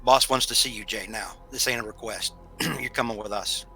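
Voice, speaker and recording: A burly, cold male mob enforcer, played by a game master, threatening someone in gruff street talk during a tabletop game. The tone is very bright and forceful, and the pitch is medium. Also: moderate pace, soft background music.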